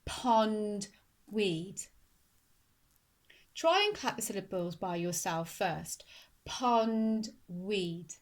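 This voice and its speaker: A woman teaching a phonics lesson to young children, speaking slowly and clearly and sounding out words syllable by syllable. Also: medium pitch, sing-song. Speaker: primary school teacher.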